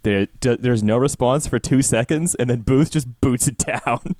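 A man's voice: mid-range voice, moderate pace, a little mellow, dry recording. A man co-hosting a podcast, joking around in casual chat about a TV episode and often restarting his sentences. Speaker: podcast co-host.

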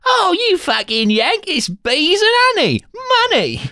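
A man puts on a mocking, exaggerated football thug with a botched Cockney twang, squeezed into a high, strained register. He overplays every line to poke fun at it. The sound is dry and close, with no room around it. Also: wildly swooping pitch, measured pace, bright, forceful tone, no room sound, exaggerated voice. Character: swaggering male football thug in a clumsy fake Cockney.

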